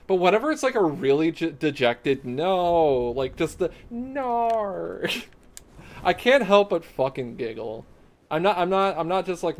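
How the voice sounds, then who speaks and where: Profane, giggly young streamer man. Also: on the high side. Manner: casual, profane, giggly banter. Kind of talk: live game commentary. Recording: game music clearly behind voice.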